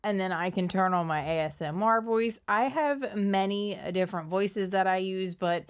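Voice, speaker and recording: A woman's voice: medium pitch, normal speed, clean tone. A woman from Philadelphia with a Philadelphia accent, hosting a casual, opinionated commentary video. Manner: conversational, opinionated, analytical. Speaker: commentary channel host.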